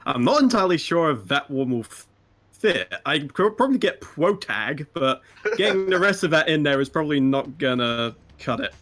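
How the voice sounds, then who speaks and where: A man running a game on a charity stream, chatting in a relaxed, rambling way. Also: fairly high pitch, moderate pace. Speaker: speedrunner. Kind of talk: casual live-stream chat.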